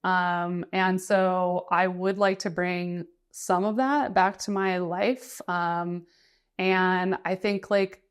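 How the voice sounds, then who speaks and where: A woman's voice: lowish voice, fairly even intonation, takes it slowly, smooth. A young woman from the United States, a freelance writer talking casually in an interview, chatty with many fillers and restarts. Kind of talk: casual conversation.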